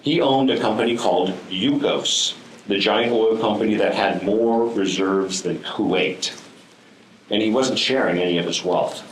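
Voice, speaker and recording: A man's voice: lowish voice, unhurried, reverberant, slight background noise, rough recording. A man giving a prepared speech to a live audience, telling stories with dry, wry humor and frequent ums. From United States. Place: room with an audience.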